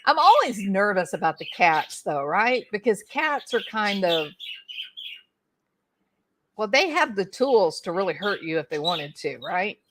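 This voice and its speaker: Middle-aged woman, folksy livestream host, casual chat, mid-pitched voice. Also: sing-song, measured pace, noisy background. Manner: chatty, folksy, talks to viewers by name.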